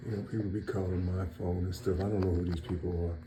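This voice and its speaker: This man, a channel host from Cincinnati, Ohio, talks casually and repetitively about codes hidden in words, circling back on phrases and lecturing his listeners directly. His low voice is flat and fast against a noisy background.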